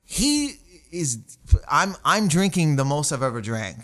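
A man's voice: fairly high pitch, a little slow. A man, a comedian, telling a rambling story in casual chat and acting out the people in it. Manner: rambling, animated, acts out quoted voices.

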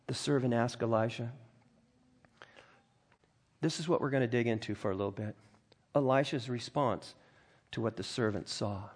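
A man preaching a sermon as pastor, reading scripture aloud and commenting on it in a lively, conversational way, often clearing his throat. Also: medium pitch.

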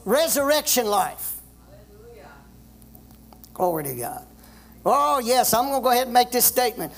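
A pastor preaching a sermon with emphasis, reading scripture and having the congregation repeat phrases after him. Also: male voice, very high voice, sing-song, quick pace, creaky. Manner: reads scripture aloud and explains it.

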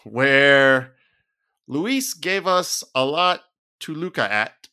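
A man hosting a podcast in casual chat, easygoing and chuckling, often pausing on fillers. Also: medium pitch, expressive, sharp tone, clean tone. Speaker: podcast host.

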